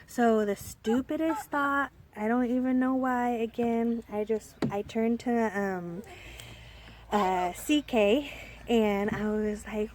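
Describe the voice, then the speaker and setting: A woman's voice: on the high side, slow pace, darkish tone, slight background noise. A young woman telling a personal story in a casual storytime vlog, rambling with many fillers and restarts. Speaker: storyteller vlogger.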